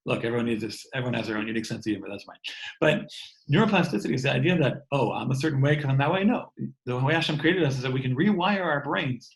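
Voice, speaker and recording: Over a home video call, a thirty-something man with a mid-range voice offers a sincere, warm talk meant to inspire his online listeners, frequently repeating words. The audio is poor.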